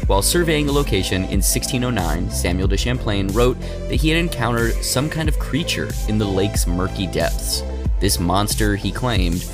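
A man's voice: lowish voice, lively intonation, normal speed, over music. A man hosting a podcast who reads history notes and breaks into jokey banter. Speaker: podcast host. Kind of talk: casual podcast storytelling.

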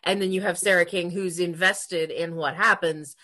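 Bright-voiced woman chatting about books. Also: on the low side, normal speed. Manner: lively, laughs often, acts out characters' lines. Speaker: podcast co-host. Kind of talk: casual book discussion.

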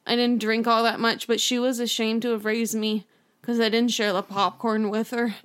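Animated young woman telling stories. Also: on the high side, normal speed. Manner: animated storyteller, swears, acts out voices. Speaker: podcast co-host. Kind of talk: casual chat.

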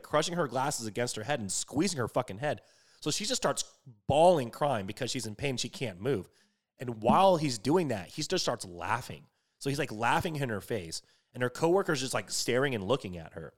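A young man telling a story in casual chat, animated, swearing freely and filling his talk with "like". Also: mid-range voice. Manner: animated, swears a lot, many fillers.

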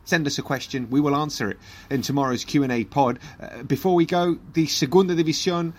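A man co-hosting a football podcast, chatting casually and running through results and fixtures. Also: fairly high pitch. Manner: chatty, lively, runs through results in quick rundowns. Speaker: podcast co-host.

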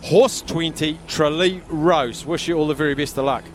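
A man's voice: a little high, normal speed. An Australian man hosting a live radio call-in sweepstake from a pub, speaking up over the noise. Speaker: radio host.

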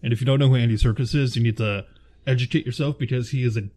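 A relaxed, mid-pitched man talking casually with a friend about old films. He chats loosely, laughs easily and stops to hunt for actors' names. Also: rapid-fire. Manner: chatty, laughs often, searches for names aloud. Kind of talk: casual chat.

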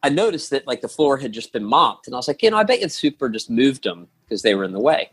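A man tells a story as a podcast guest, his husky voice rising and falling a great deal. He rambles, restarts often and acts out what people said. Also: mid-range voice, big pitch swings, fast, a bit bright. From lives in New York. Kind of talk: casual storytelling.

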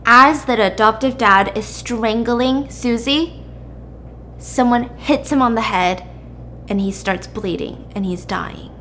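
Higher-pitched woman animatedly recapping a drama. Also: a little hiss or hum. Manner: animated storytelling with quick asides. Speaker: podcast host. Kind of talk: casual drama recap chat.

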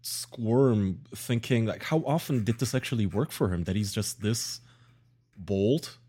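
A man's voice: lowish voice, measured pace, mellow, husky. A man co-hosting a podcast, talking in a crude, mocking way and laughing often. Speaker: podcast co-host. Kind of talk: casual comedic chat.

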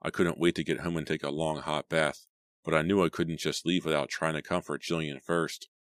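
A man with an extremely deep voice narrates a teen horror novel in a steady, measured read. The sound is dry and close, with no room around it. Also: dry recording. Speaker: audiobook reader.

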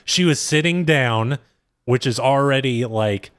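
A man's voice: mid-range voice, measured pace, smooth, no room sound. A man chatting casually on a podcast, rambling and circling back with lots of "like". His voice sits in a middle range, and the room sounds dry and close. The delivery stays loose and conversational. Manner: rambling recaps with quoted impressions. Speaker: podcast co-host. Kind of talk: casual chat.

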